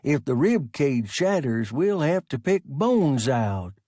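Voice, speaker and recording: A man's voice: mid-range voice, big pitch swings, slow, dark tone, no echo, clean studio sound. A man voicing a blunt, practical spaceship crewman. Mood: matter-of-fact. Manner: blunt, matter-of-fact.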